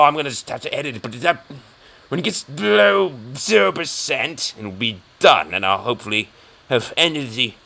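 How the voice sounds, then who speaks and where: A man's voice: a little high, vocal fry, sharp tone. A man with an English accent, rambling and mocking himself as he comments on his own chess game. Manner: rambling, self-mocking, talks to himself and the opponent. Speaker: chess channel host.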